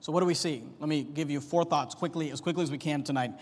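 A man preaching a sermon as pastor, emphatic, swinging from quiet to loud. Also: on the high side, fast. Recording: long hall reverb.

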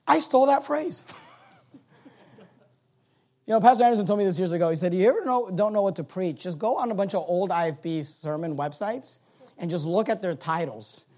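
A high-voiced male pastor preaching in a church. He drops low and quiet, then climbs into loud, urgent exhortation, repeating his phrases and stumbling over restarts. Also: expressive, brisk, pauses often. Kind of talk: sermon.

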